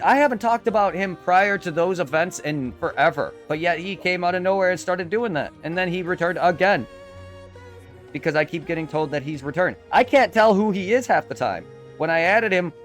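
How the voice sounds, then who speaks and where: Guy streaming live, kinda high-pitched, ranting and cursing fast. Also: a bit bright. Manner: heated, profane, rapid-fire venting. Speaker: game streamer.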